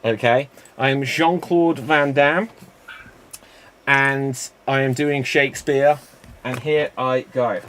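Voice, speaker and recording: A man's voice: mid-range voice, steady tone, slow, fairly bright tone. A man hosting a live-streamed improv show, chatty and rambling between games.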